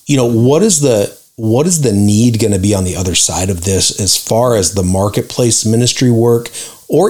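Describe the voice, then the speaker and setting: Male interview host with a lowish voice, thoughtful and measured in his questions. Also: darkish tone. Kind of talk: conversational interview.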